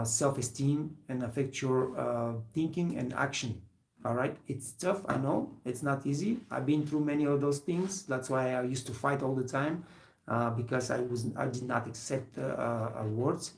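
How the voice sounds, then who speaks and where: Man, hospitality trainer, gravelly voice, earnest and rambling motivational talk, roomy echo. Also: medium pitch, darkish tone. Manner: earnest, rambling, many fillers.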